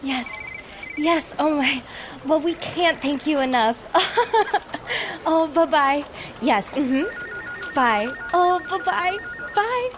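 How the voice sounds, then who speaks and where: Brief: high, sweet cult sister, unhurried, music under. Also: female voice, lively intonation. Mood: sugary. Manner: sugary then snippy. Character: sugary cult sister, snaps when crossed. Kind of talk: comedy audio drama acting.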